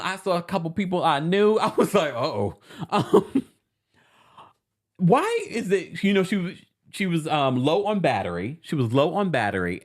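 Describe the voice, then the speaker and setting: Chatty male recap host from New York, animated, expressive delivery, reads viewer comments. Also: medium pitch. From New York City. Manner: animated and chatty, laughing often. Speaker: host of a reality TV recap show. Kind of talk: casual livestream chat, reading viewer comments.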